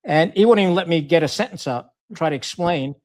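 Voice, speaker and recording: A middle-aged man from Pakistan, formerly a Marine officer, tells a war anecdote in a loose, blunt way. He acts out everyone's lines and swears freely. His voice sits a little high for a man. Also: fairly quick. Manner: lively storyteller, acts out quoted dialogue, blunt and profane. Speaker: guest, retired Marine officer. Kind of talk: casual anecdote telling.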